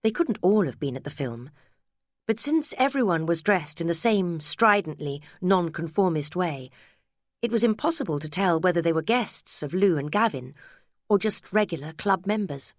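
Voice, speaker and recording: A woman narrating an audiobook in a measured, wry storytelling manner, close to the mic. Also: fairly low pitch, expressive, no room sound. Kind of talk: scripted narration.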